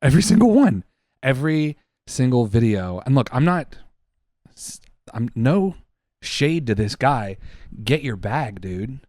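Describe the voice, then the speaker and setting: In a sing-song, measured delivery, a young podcast co-host tells a mock-conspiratorial tale on a casual comedy show, swearing a lot and slipping into put-on voices. His mid-range voice has a darkish tone, recorded dry with clean studio sound.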